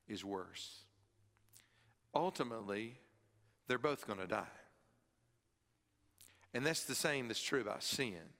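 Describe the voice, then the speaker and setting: A man's voice: medium pitch, creaky, pushed and bright, in a large hall. A man preaching a sermon to a congregation in a church, with emphatic stress on key words. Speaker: pastor. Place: church sanctuary, also filmed. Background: congregation present.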